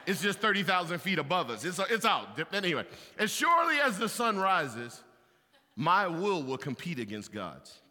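A man preaching a sermon as pastor of a large church, animated, swinging between loud bursts and hushed confessional passages. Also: high-pitched, normal speed, in a large hall.

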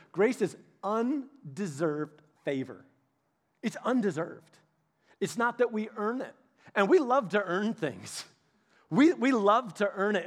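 A man pastor giving a casual, storytelling sermon, chatty and animated, speaking directly to his congregation. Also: sits high. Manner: chatty, animated, many restarts and asides.

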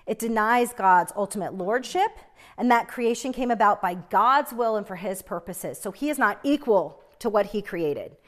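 A woman's voice: mid-range voice, expressive, normal speed. A young woman teaching a Bible lesson in an earnest, chatty way, often checking in with "right?".

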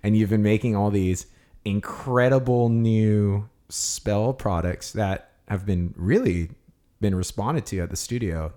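Very low-voiced playful man. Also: mellow. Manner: playful, jokey, quick interjections. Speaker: podcast co-host and engineer. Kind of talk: casual podcast chat.

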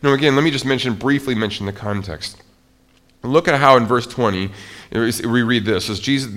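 A man's voice: medium pitch, expressive, moderate pace, fairly bright tone. A male pastor preaching a sermon in a conversational way, often restarting his sentences. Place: church.

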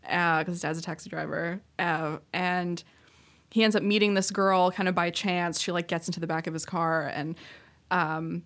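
A woman's voice: lowish voice, steady tone, moderate pace, fairly bright tone. A woman co-hosting a podcast, retelling a show's plot in casual chat with lots of likes and ums. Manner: rambling, filler-heavy retelling. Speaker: podcast co-host.

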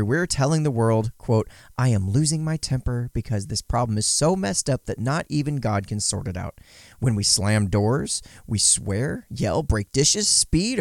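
A man's voice: mid-range voice, a little mellow, no echo, studio quality. A man giving casual commentary, sarcastic and mocking, sometimes voicing quotes in exaggerated tones. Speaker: podcast commentator.

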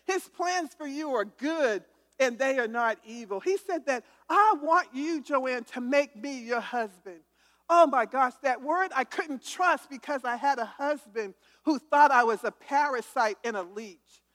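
Woman, testimony sermon, emphatic, calls for responses, bright tone, reverberant hall. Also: high-pitched, expressive, unhurried. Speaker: testimony speaker.

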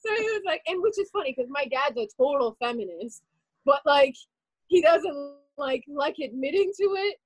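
A young woman telling a personal story in a casual, animated way, with many "like" fillers. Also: sits high, no room sound, low-quality recording. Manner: animated, rapid, full of "like" fillers.

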